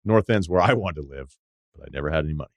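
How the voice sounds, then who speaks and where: A man's voice: extremely low pitch, lively intonation, racing, no room sound. A man hosting a casual podcast, reading a listener email aloud and riffing on it with wry, profane asides. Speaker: podcast host.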